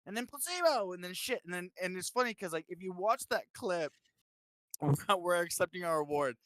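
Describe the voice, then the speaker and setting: This musician, a guest in a casual interview, has a high-pitched voice and talks at normal speed in a dry recording. He tells stories animatedly, swears freely, and acts out other people's lines, saying "like" a lot.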